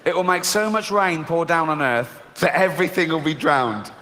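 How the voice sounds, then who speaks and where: A middle-aged man doing stand-up, mocking and sweary, jumping to shrill outraged shouts on a theatre stage mic. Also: normal speed, noisy background. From England. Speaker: stand-up comedian. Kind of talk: stand-up comedy. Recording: live theatre sound with hall reverb and audience.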